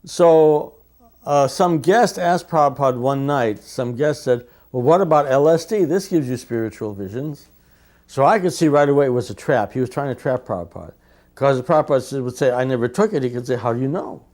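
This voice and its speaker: A man telling anecdotes in a lively way, acting out the quotes he recalls. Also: mid-range voice, fairly quick. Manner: lively storyteller, acts out quotes. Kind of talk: anecdotal storytelling.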